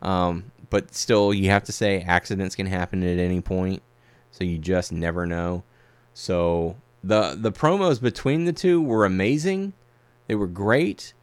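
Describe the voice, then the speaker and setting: Podcast co-host, male, low-pitched, easygoing talk, dry recording. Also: a little slow, clear, resonant tone, dry recording. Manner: relaxed, filler-heavy, reads articles aloud. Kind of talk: casual chat about wrestling news.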